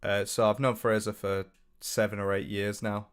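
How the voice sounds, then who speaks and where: A man's voice: lowish voice, level tone, normal speed, smooth. A young man with a British accent talks in a loose, offhand commentary style, swearing freely and poking fun at the person he is discussing. He breaks off now and then to read out and answer comments. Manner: blunt, sweary and mocking, often reading viewer comments aloud. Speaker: commentary YouTuber. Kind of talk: casual reaction commentary.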